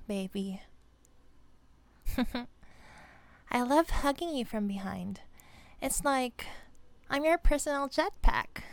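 A giggly young vampire girlfriend, played by a woman in an audio role-play, clinging and teasing her partner. Her voice sits a little high and she talks slowly, lingering over her words. The sound is dry and close. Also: no room sound. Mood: affectionate.

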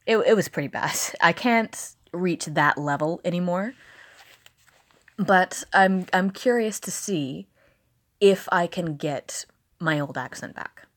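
A woman's voice: lowish voice, takes it slowly. A woman vlogger from the American South with a slight Southern accent, talking candidly and casually, swearing now and then. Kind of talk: casual vlog monologue.

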